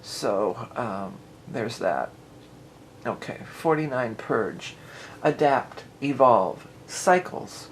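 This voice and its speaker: A woman reading tarot cards to camera in a casual, rambling way. She often restarts her sentences and reads card verses aloud slowly. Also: extremely low pitch, lively intonation, a little hiss or hum, poor audio. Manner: chatty and rambling, with frequent restarts and "you know".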